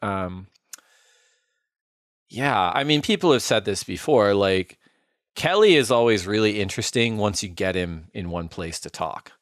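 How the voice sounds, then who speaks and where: Man, low voice, dry close sound, casual podcast storyteller who rambles with lots of "like". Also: vocal fry, a bit bright, no echo. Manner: rambling, filler-heavy, frequent "like". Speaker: podcast co-host.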